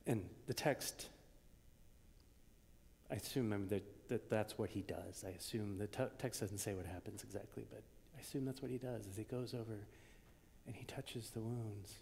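Gravelly-voiced preacher in a reverberant hall. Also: male voice, fairly low pitch, normal speed, a little hiss or hum. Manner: dramatic swings from loud to hushed whispers. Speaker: pastor. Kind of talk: sermon.

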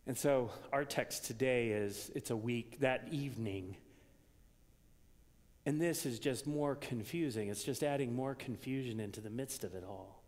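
A man preaching a sermon in a conversational way, moving between loud emphasis and hushed near-whispers. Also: mid-range voice, a little slow. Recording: long reverb of a church hall.

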